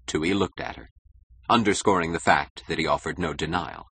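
A man narrating an audiobook in a very low voice with a husky grain. He reads in a measured, expressive way, his pitch moving widely. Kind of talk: scripted narration.

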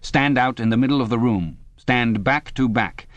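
A man voicing a cold male voice from a telescreen, giving flat, clipped orders. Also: medium pitch, normal speed, dry recording, lo-fi sound, natural voice. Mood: commanding.

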